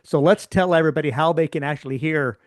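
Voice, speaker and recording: A man's voice: fairly high pitch, quick pace, dry recording. A man hosts a conversational interview, thinking aloud and repeating words as he goes. His voice sounds dry and close, with no room around it. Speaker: podcast host.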